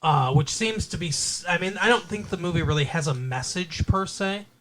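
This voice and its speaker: A man's voice: sits high, animated, normal speed, background noise. A man co-hosting a podcast, casually retelling a movie plot in a loose, profane way. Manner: loose and profane, with frequent fillers and laughs. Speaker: podcast co-host.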